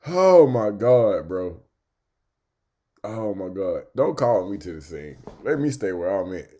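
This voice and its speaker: A man's voice: fairly low pitch, sing-song, slow pace, mellow. A man reacting to a video clip with laid-back commentary, drawn out and full of dry asides.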